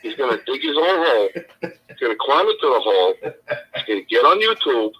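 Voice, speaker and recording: A man's voice: medium pitch, very animated, a little fast, breathy edge, dull audio. A man co-hosting a casual live chat stream, telling stories in a tough-guy mobster manner. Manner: tough-guy mob banter, storytelling.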